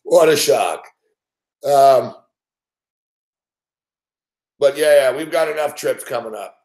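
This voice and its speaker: A man's voice: mid-range voice, takes it slowly, a little mellow. A middle-aged Canadian man hosting a late-night betting stream, rambling and swearing constantly with frequent laughs. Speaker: host.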